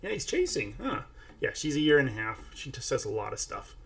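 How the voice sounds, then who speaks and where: Very animated and fairly quick, a man with a medium-pitched, fairly bright voice and vocal fry hosts a casual AI art screen-share tutorial. He chats through each step and talks to a toddler beside him.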